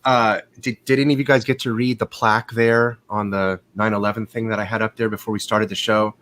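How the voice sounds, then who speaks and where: The host of a live watch show, a man with a low voice, rambles briskly through profane, animated stories in a casual live-stream chat from his California home.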